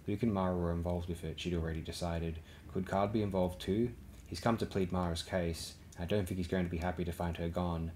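A man narrating an audiobook in a steady, even reading voice. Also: deep voice, a little hiss or hum. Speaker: audiobook reader.

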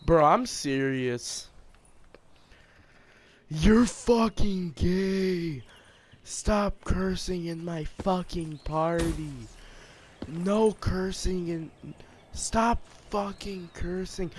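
A man's voice: high-pitched, very slow, pauses often, a little hiss or hum. A man trash-talking an opponent over online game chat, mocking and insulting. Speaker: online gamer.

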